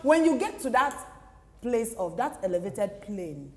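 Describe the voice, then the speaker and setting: A Nigerian woman speaks on a talk panel, firing off teasing questions in casual chat. Her voice sits a bit high, and a long reverb hangs in the room. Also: big pitch swings, unhurried, darkish tone.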